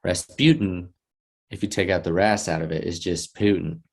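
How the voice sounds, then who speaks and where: Deep-voiced man riffing on a podcast. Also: fairly even intonation, moderate pace, vocal fry. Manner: easygoing, riffing on wild ideas. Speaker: podcast co-host. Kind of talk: casual comedic chat.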